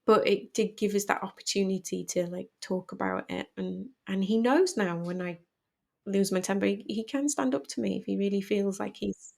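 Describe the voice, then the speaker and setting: Candid, gravelly woman. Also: mid-range voice, moderate pace. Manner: candid, emotional, animated storytelling. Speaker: podcast guest. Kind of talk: personal conversation.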